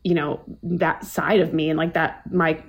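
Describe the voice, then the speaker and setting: A woman in her thirties, a podcast guest telling family stories in casual chat, with many restarts and lively put-on voices for her relatives. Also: low voice, normal speed, slightly rough. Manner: chatty storyteller, many likes and restarts, acts out family quotes.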